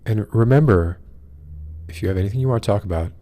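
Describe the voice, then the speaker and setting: A man with a fairly low voice hosts a live podcast. He talks in a loose, meandering way, full of ums and restarts, and breaks off to greet viewers in the chat before reading aloud. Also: fast talker, warm tone. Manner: rambling, many fillers, greets live chat. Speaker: podcast host. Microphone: wears in-ear monitors.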